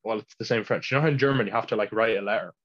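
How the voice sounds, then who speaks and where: A teenage Irish lad chatting casually, telling rambling stories and laughing mid-sentence. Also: male voice, fairly low pitch, rapid-fire, fairly bright tone. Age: teens. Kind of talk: casual chat. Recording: dull lo-fi sound.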